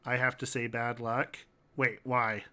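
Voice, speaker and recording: Slow-talking male game streamer. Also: medium pitch, little pitch movement, pushed and bright. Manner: chatty, says "dude" often, reacts to chat. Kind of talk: casual livestream commentary.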